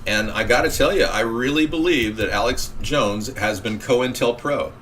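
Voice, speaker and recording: A man's voice: medium pitch, moderate pace, a bit bright, a little hiss or hum. A man hosting a casual call-in talk show, rambling and reacting to callers and chat.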